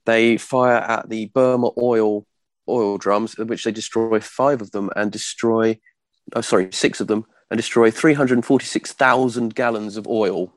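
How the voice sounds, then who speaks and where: A man giving an informal history talk from notes to a small audience, halting often with ums and self-corrections. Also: fairly low pitch, steady tone, no echo. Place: room with a small live audience.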